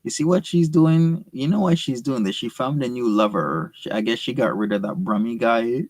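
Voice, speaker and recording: A man's voice: medium pitch, normal speed, few pauses, no echo. A man hosting a stream, giving casual, teasing commentary on a clip. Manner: teasing, mocking banter with chat. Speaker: stream host reacting to a clip.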